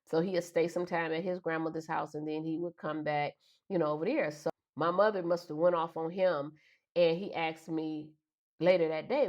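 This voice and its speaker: A woman's voice: sits low, steady tone, normal speed, a little mellow, muffled recording. A middle-aged woman, emotionally retelling a childhood memory and acting out the voices in it. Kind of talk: personal storytelling.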